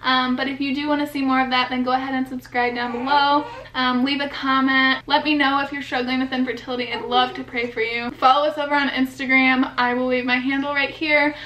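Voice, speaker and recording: A woman's voice: sits high, flat delivery, fairly quick, hardly any pauses, sharp tone. A young woman in her twenties, a new mother, talking earnestly to camera in a personal vlog, with many fillers. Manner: earnest, heartfelt, filler-heavy talk. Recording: echoey room.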